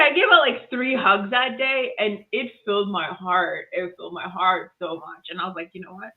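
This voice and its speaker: A woman telling a lively story about kindness as a guest on a video call, laughing often and acting out voices. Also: medium pitch, brisk. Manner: animated, laughs often, acts out voices in stories. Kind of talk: casual storytelling. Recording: tinny phone-like line.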